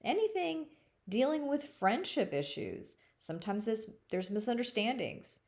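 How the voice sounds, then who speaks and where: A middle-aged woman, a school counselor, giving a playful, jokey presentation to young students and slowing down to stretch words for emphasis. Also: mid-range voice, big pitch swings, a little mellow. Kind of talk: friendly recorded presentation to fifth graders.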